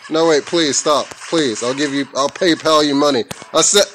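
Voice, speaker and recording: Gaming at home with a headset mic, this young man keeps up casual commentary full of playful trash talk, swearing, and abrupt yelps. He sounds on the high side and fairly bright, speaking at a moderate pace. The audio is poor, with some hiss or hum.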